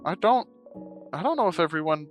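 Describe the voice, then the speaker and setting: A man's voice: lively intonation, brisk, soft background music, close to an everyday voice. A man voicing an earnest, upbeat young woman companion from a video game in a raised, light voice. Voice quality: high, light voice. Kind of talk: reading game dialogue aloud.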